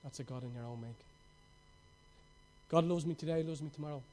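A middle-aged man preaching a sermon with passion, telling stories and swinging between loud outbursts and hushed moments. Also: on the high side, a little fast.

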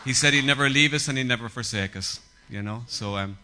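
A man's voice: mid-range voice, fairly quick, pushed and bright, a little hiss or hum. An Irish man, a guest pastor, giving an earnest, hesitant greeting to a congregation. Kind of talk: church greeting.

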